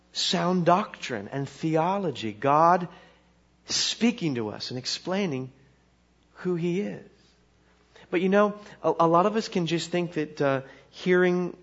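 A man's voice: on the high side, fairly bright tone. Conversational preacher man, lo-fi sound. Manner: conversational, with repeated restarts and a chuckling punchline delivery. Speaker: pastor. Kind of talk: sermon.

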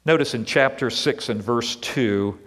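A male pastor preaching a sermon in an earnest, deliberate way, leaning on repeated words, in a church sanctuary. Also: medium pitch, a bit bright. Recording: long reverb of a large hall.

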